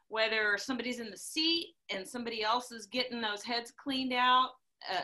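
A woman's voice: fairly high pitch, brisk, pushed and bright. A middle-aged woman in casual chat, blunt and emphatic, repeating herself to drive a point home. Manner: emphatic, blunt and repetitive when preaching farm safety.

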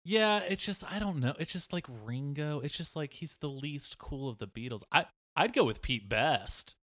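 A man riffing in an improvised comedy scene, rambling and jokey, making bass noises with his mouth. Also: expressive, moderate pace, fairly bright tone, no room sound, studio quality.

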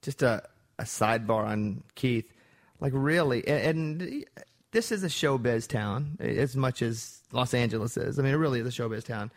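Easygoing male host, mid-pitched, jokey with rambling asides. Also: moderate pace. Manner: jokey, loose, trails off into asides. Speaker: radio host. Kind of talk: casual chat.

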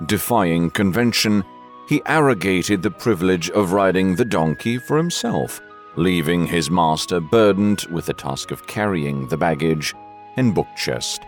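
Deep, expressive male storyteller. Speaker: narrator. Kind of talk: audiobook narration.

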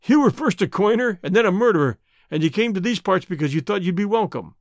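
Man doing a menacing middle-aged gang boss, blustering, interrogating, high-pitched, very lively pitch, dry audiobook sound. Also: fast, no room sound. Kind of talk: audiobook character reading.

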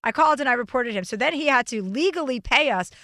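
A woman's voice: sits high, lively intonation, fast talker, sharp tone, dry recording. Dry, teasing woman podcast host. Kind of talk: casual chat.

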